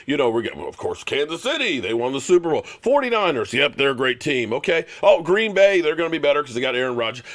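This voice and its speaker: Fired-up, sarcastic man ranting, high lively pitch. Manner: fired-up, sarcastic, mocking, emphatic repetition. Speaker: show host and former pro football player. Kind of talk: heated live-stream sports rant.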